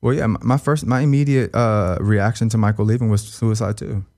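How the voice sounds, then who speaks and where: Fast-talking young man, halting and raw. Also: fairly low pitch, darkish tone. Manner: fast, halting, profane, repeats himself. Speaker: interview guest. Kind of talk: emotional interview talk.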